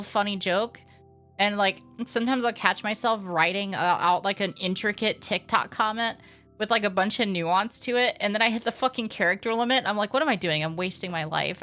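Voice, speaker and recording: Young woman streamer just chatting, sharp bright voice, swears a lot, rambly and sarcastic, faint music under it. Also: medium pitch. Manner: candid, sarcastic, swears freely, rambling with many fillers. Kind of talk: casual live-stream chat.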